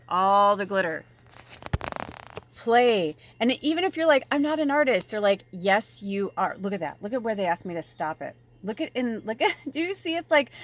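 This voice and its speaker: A chatty woman gives a casual spiritual tarot reading in a mid-pitched voice. She is animated and full of fillers, swears freely, and now and then drops to a soft near-whisper. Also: a little hiss or hum. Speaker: tarot reader and medium.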